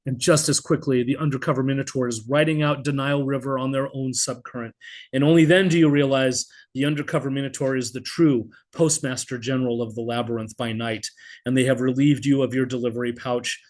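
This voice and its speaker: A middle-aged man reading his own poetry in an expressive spoken-word style, blunt and vivid, now and then swearing, over a video call. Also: medium pitch, brisk. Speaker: poet.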